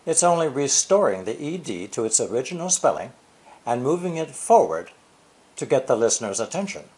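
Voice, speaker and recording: An older male teacher talks through a prepared lesson at a measured, deliberate pace. His pitch sits in a middle register but rises and falls broadly as he leans on key words. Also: sing-song, a little mellow. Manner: deliberate, stressing key words with sweeping intonation. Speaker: English teacher. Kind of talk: scripted explanatory lesson.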